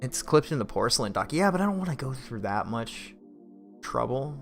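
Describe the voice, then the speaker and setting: A man's voice: medium pitch, sing-song, moderate pace, vocal fry, faint music behind. A man hosting a late-night livestream, commenting on clips with sarcastic, profane mockery. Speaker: stream host.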